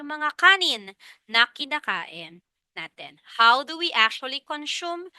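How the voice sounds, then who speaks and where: A woman's voice: on the high side, smooth, dry recording. A young woman with a Filipino accent giving an online review lecture, switching between Tagalog and English and asking questions on the students' behalf before answering them. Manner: lively Taglish teaching, poses questions as students then answers.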